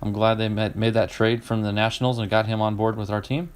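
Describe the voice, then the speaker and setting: Middle-aged man, Southern US accent, relaxed chat as a card-breaking streamer, restarts a lot and laughs along. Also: on the low side, brisk, clean tone. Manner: chatty, laughs easily, restarts and trails off. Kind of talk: casual chat.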